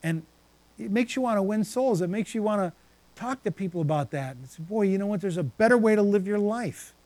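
A man's voice: sits high, lively intonation, a little fast, a little mellow, no echo. A man preaching a sermon, reading scripture passages aloud and then stopping to reflect on them.

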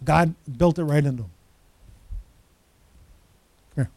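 High-voiced animated male preacher. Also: measured pace, no echo. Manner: animated, storytelling, acts out quoted voices. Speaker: pastor. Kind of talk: sermon.

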